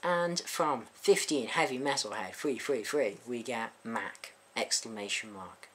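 A young man talks straight to camera in a loose, chatty vlog. His voice is bright and sharp-edged. He sounds openly bewildered and keeps asking exasperated questions. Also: medium pitch, a little slow, a little hiss or hum. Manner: baffled, exasperated, full of rhetorical questions. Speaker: YouTube music reviewer. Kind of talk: casual vlog commentary.

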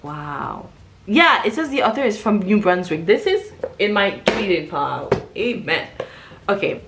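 A woman vlogger chatting casually through a book haul, reading back covers aloud and reacting with quick exclamations. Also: mid-range voice, sing-song, over music.

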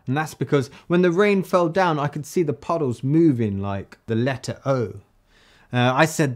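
A man from the UK teaching a songwriting tutorial, explaining step by step and reading lines slowly in rhythm. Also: a little high. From United Kingdom. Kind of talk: friendly tutorial.

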